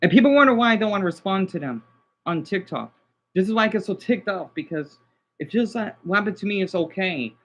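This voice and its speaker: A man's voice: high voice, animated, a little fast, a bit bright. A man livestreaming in casual chat, agitated and swearing as he talks to his viewers.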